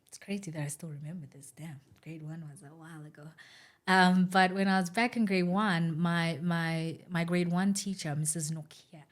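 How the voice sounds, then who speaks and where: A young woman, a podcast guest, chatting and telling stories in an animated way with frequent laughs. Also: fairly low pitch, normal speed. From South Africa. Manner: animated storyteller who laughs easily. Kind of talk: casual chat.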